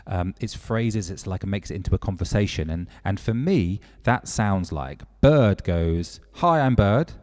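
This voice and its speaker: A man's voice: sits low, lively intonation, a little slow, few pauses, mellow, in a large hall. A man leading a children's music workshop, explaining step by step in an encouraging way.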